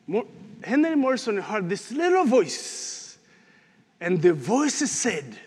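A man preaching a sermon and closing prayer, telling a story with animated swings from loud to hushed. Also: sits high, measured pace, breathy edge. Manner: animated storytelling, rising loud then dropping to near whisper. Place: church. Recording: reverberant church hall.

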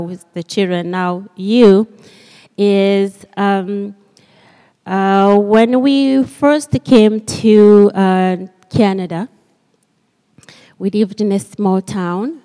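Woman, slow hesitant speech, many fillers, children's talk in church, long hall reverb. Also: mid-range voice, darkish tone, clean tone. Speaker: church member telling a story to children.

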